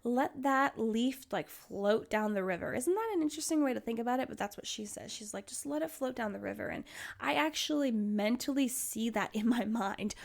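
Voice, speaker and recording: A young woman talks through advice on her solo podcast, chatty and earnest, circling back to repeat her key points. Her voice sits a little high and often drops into a gravelly fry at the ends of phrases. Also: expressive, moderate pace. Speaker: podcast host.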